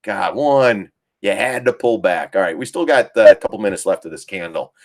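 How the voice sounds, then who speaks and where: A man with a fairly low voice speaks at normal speed as he runs a live trading stream. His casual market commentary covers charts, with plenty of laughter and mocking imitations of traders who panic.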